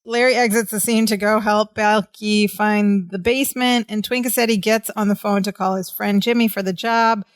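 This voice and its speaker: A woman's voice: medium pitch, steady tone, normal speed, hardly any pauses, no room sound. A woman co-hosting a podcast, retelling sitcom scenes in casual chat and laughing often as she goes. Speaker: podcast co-host.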